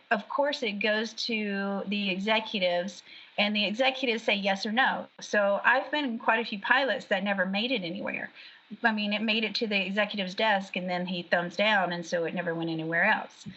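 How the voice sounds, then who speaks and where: A woman is chatting casually as an interview guest. She tells stories eagerly and often breaks into laughter. Her voice is bright and forceful, and the recording sounds dull and lo-fi. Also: mid-range voice. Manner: chatty, animated storyteller who laughs often. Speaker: guest, background actor.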